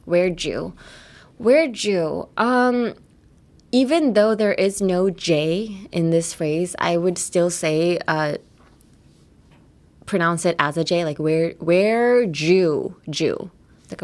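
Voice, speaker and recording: A woman hosting a bilingual lesson, explaining English slang and drilling phrases slowly, switching between English and Japanese. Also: on the low side, lively intonation. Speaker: English teacher and host.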